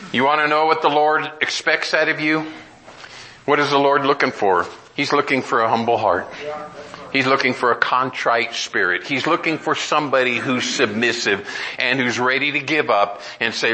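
A man's voice: mid-range voice, normal speed, bright, forceful tone, poor audio. A middle-aged man preaching a sermon, earnest and emphatic, often restarting and climbing to exclamations.

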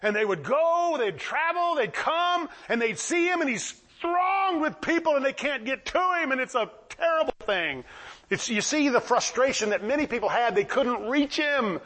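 A man preaching a sermon, retelling stories with lively acted-out voices for the people in them. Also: very high voice, moderate pace. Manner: animated, acts out the people in the stories. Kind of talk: sermon, storytelling.

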